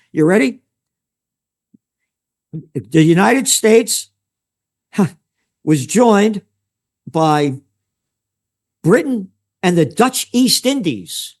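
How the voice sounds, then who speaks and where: An older man from the Bronx with a New York accent, a trend forecaster ranting sarcastically and crudely as an interview guest. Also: sits high. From New York City (the Bronx). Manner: sarcastic, crude, mocking asides. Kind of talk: heated interview rant.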